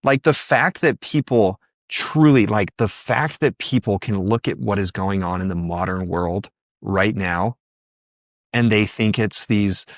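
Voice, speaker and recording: A man speaking with passion as a podcast guest, his voice sitting a bit low. He acts out other people's words as he goes, and the recording is dry with no room sound. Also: measured pace, no echo. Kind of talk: conversational podcast interview.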